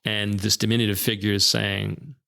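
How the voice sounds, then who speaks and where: Brief: low, gravelly man, an animated interview storyteller. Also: moderate pace. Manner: animated anecdotes with quoted dialogue. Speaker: guest, publishing executive.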